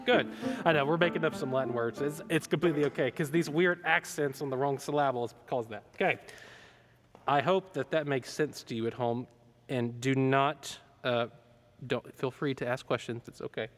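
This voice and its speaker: A man's voice: mid-range voice, moderate pace, big-room sound, soft background music. A man leading a choir rehearsal, talking singers through their parts and counting them in, with a keyboard playing. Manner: upbeat, counts in and sings out vocal lines. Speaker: choir director.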